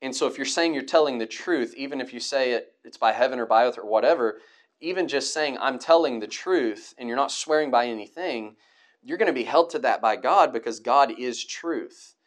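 A man's voice: mid-range voice, normal speed. A man teaching a Bible study class, reading verses aloud and explaining them, with fillers and restarts.

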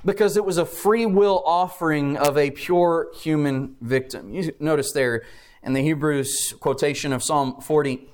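Earnest high-voiced male preacher. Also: normal speed. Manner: earnest, emphatic, reads scripture aloud with rising and falling emphasis. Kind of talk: sermon.

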